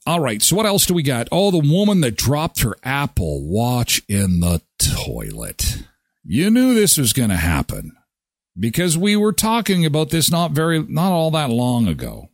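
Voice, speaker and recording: A man's voice: on the high side, moderate pace, dry recording, clean studio sound. A man hosting a morning show, chatting casually and joking, acting out little scenes as he tells stories. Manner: animated, jokey, acts out voices in his stories. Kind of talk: casual chat.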